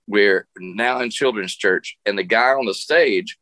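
A man's voice: fairly low pitch, measured pace, bright, forceful tone, dry recording. A middle-aged man, a guest musician, telling a funny story in a radio interview, laughing often and restarting his sentences.

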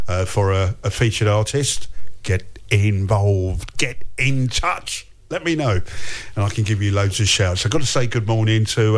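A man hosting a breakfast radio show, reading listener messages in playful, laughing banter. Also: lowish voice. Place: radio studio.

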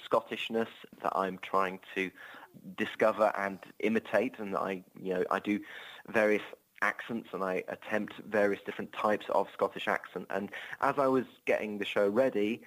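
An English man speaks in a fairly low voice, chatting about his comedy tour. He talks in an amiable, rambling way, full of restarts and self-deprecating asides. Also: fairly even intonation, normal speed, a bit bright, low-quality recording. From England. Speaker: touring comedian.

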